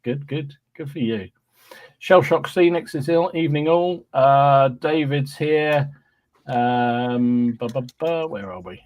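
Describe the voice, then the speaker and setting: A man's voice: on the high side, slow pace, a little mellow. A man hosting a podcast, cheerfully reading out live chat greetings with frequent ums and restarts. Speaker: podcast host.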